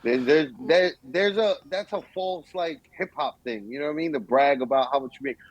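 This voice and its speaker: A young man co-hosting a podcast, chatting casually and acting out quotes as he tells stories. His voice sits a little high. The recording is dry and close to the mic. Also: brisk, dry recording, poor audio. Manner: animated storytelling, acts out quotes. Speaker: podcast co-host. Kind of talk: casual chat.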